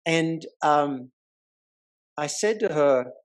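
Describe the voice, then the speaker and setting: This man hosts a podcast, his voice medium in pitch and his pace moderate. He narrates a story in a relaxed way, bringing it to life by performing the voices of the characters.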